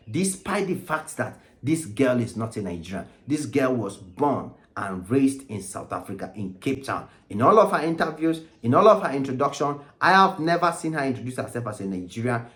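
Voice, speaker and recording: A man in his forties giving an argumentative opinion commentary that is full of pointed questions. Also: medium pitch. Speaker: commentary vlogger.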